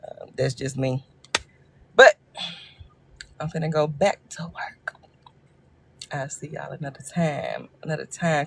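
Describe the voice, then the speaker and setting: A woman's voice: on the low side, vocal fry, a little hiss or hum. A woman from Arkansas with a Southern accent, chatting casually and joking with viewers on a phone livestream. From Arkansas, USA. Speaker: livestream host. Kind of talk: casual live chat.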